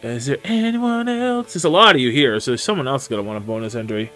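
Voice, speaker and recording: A man's voice: medium pitch, animated, quick pace, few pauses, bright, forceful tone, soft background music. A man streaming a game live, chatting casually and greeting viewers by name as he plays. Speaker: gaming streamer. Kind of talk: live gameplay commentary.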